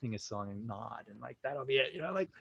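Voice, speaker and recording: This American guest on a podcast talks fast in a medium-pitched voice that's gravelly, fairly bright, slightly rough and lively in intonation, recorded without echo but with the highs cut off. His story comes out casual and animated, with acted-out quotes, constant "like" and "you know," and Yiddish and Hebrew religious terms.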